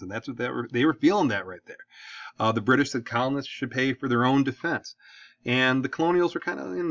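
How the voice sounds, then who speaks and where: A man's voice: mid-range voice, fairly bright tone, no echo. A man teaching a history class in a casual, chatty lecture style, often checking in with "okay?". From Detroit area. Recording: dull, dry lo-fi sound.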